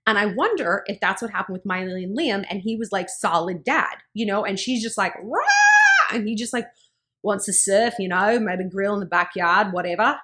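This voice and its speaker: A woman's voice: medium pitch, fairly quick. Blunt, candid woman vlogger. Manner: candid, blunt, profane, animated. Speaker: relationship advice vlogger. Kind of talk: casual talk to camera.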